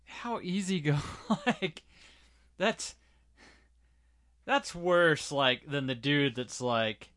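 A man's voice: fairly high pitch, drawn-out words, pauses often, fairly bright tone. A man co-hosting a podcast in casual chat, who swears freely and riffs in a rambling way. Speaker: podcast co-host.

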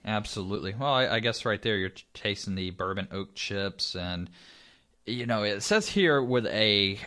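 Easygoing low-voiced man joking around. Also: lively intonation, normal speed. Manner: easygoing, joking, trails off softly. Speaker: podcast co-host. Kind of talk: casual chat reviewing beer.

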